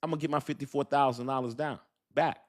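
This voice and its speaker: A man's voice: medium pitch, fairly even intonation, quick pace. A man hosting a live crypto commentary stream, talking emphatically and repeating his points to the viewers. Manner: emphatic, repetitive, talks straight to the viewers. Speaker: crypto channel host.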